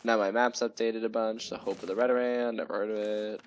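Over game music, a man with a lowish, fairly flat voice talks briskly through a casual let's-play, cracking jokes and dropping into silly voices. A slight hiss or hum sits in the recording.

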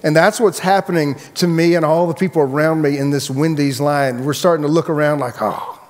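Casual pastor preaching in an echoey hall. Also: male voice, fairly high pitch, fairly even intonation, brisk. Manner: casual storytelling, many restarts. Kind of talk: sermon with personal story.

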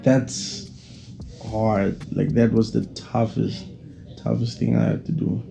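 Gravelly, dark-voiced man reflecting. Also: lowish voice, level tone, slow, soft background music. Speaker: artist in documentary. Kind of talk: reflective interview talk.

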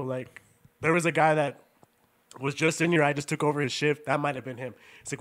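A young man with a high voice tells stories on a casual podcast. He swears a lot, gets animated and laughs often as he goes. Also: brisk. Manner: profane, animated, laughs while telling stories. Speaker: podcast host. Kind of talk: casual storytelling.

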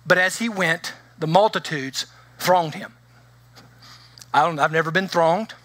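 A middle-aged man preaching a sermon as pastor, telling stories in an animated way and acting out the voices of the people in them. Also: fairly high pitch, measured pace, no echo. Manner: animated storytelling with acted-out voices.

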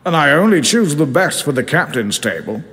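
A man's voice: fairly high pitch, very animated, moderate pace, a bit bright, in a large hall, voice pushed up. A man voicing a grand, boastful old sea captain who puffs a cigar, in a story reading.

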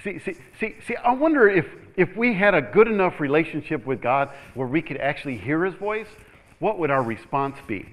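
A rough recording captures a male pastor with a fairly high voice preaching at moderate pace in a church. Animated throughout, he calls out "Amen?" to the room over and over, laughing lightly and repeating words to build.

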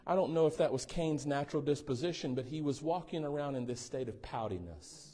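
A man's voice: on the high side, brisk, dark tone. A male pastor preaching a sermon in a church, teasing and checking in with the congregation. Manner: playful, teasing asides, asks congregation for responses. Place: church sanctuary.

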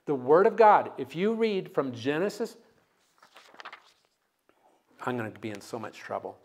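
A man with a high, light voice preaches a sermon in a church. He tells stories and keeps calling the congregation to answer him back. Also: sing-song, a little slow. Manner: storytelling, call-and-response with congregation. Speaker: guest preacher. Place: church sanctuary.

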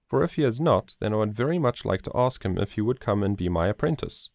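A man's voice: on the low side, expressive, fast talker, gravelly, darkish tone, dry recording, studio quality. A man voicing a kind, teasing yet earnest young shoemaker in a storybook reading. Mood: reassuring.

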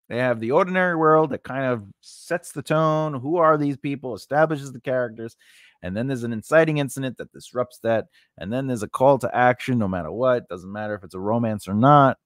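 A man's voice: medium pitch, a bit bright, no echo, clean studio sound. A man hosting a screenwriting channel, talking casually through his writing steps with asides and filler words. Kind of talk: casual teaching monologue.

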